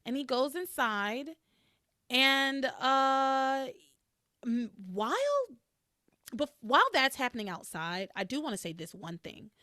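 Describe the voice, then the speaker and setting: A woman hosting a podcast, recapping in casual chat and acting out quoted lines with big jumps in pitch. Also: slow, pushed and bright, no echo, studio quality. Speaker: podcast host.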